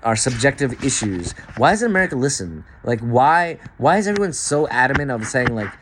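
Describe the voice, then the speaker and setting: A man's voice: mid-range voice, sing-song, brisk, noisy background. Rambling, profane man talking to camera. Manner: profane, stream-of-consciousness, many restarts and stumbles; swings between quiet asides and emphatic outbursts.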